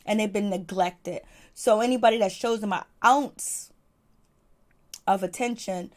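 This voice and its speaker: A woman's voice: medium pitch, measured pace, darkish tone. A woman talking casually as she reviews a TV episode, full of fillers and repeating phrases for emphasis. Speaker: reviewer of a TV show. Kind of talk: casual commentary.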